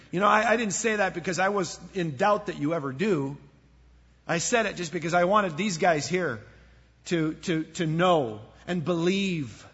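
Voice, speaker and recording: A man preaching a sermon, his voice a little husky and pitched fairly high for a man. The sound is somewhat dull and lo-fi, with a long reverb trailing off each phrase as if in a church sanctuary. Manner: earnest preaching, drops to a hush for emphasis. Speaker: pastor. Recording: echoey hall, dull lo-fi sound.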